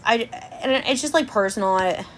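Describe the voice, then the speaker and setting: A woman's voice: on the high side, fairly quick, slight background noise. Chatty young woman podcast host. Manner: chatty, animated storytelling. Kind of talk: casual chat.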